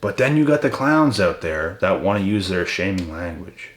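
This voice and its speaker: Deep-voiced man ranting bluntly in an echoey room. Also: sing-song, moderate pace, few pauses. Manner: blunt, profane, confrontational. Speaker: motivational channel host. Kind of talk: ranting motivational monologue. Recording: echoey room with faint noise.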